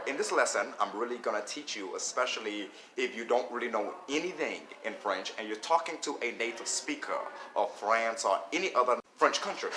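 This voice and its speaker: A man's voice: mid-range voice, pushed and bright. A man giving a casual spoken beginner language lesson, talking loosely and often checking in with "okay?". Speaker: language teacher. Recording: echoey room with faint noise.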